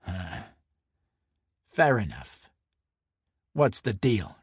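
A man's voice: on the low side, big pitch swings, husky, no room sound, studio quality, full character voice. A man voicing a brash middle-aged mob enforcer with a Brooklyn accent, boisterous and needling. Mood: curt. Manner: boisterous, needling, quick to anger. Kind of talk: audiobook character voice.

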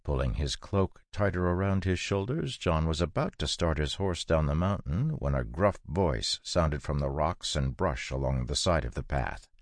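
A man narrating a fantasy audiobook in a measured, steady storytelling manner, recorded in a studio booth. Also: a bass voice, no echo.

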